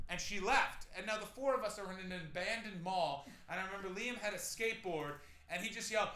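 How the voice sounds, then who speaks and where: A man's voice: high-pitched, normal speed, bright, forceful tone, reverberant, rough recording. Rambling man doing stand-up. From Canada. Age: 30s. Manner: rambling, self-deprecating storytelling with crude asides. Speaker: stand-up comedian. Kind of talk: stand-up comedy set.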